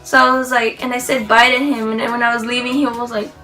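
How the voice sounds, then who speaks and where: A woman's voice: fairly high pitch, quick pace, music in the background, rough recording. A woman vlogger telling a rambling, gushing story in a casual way, full of "like" and restarts. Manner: excited, rambling, gushing, heavy use of "like".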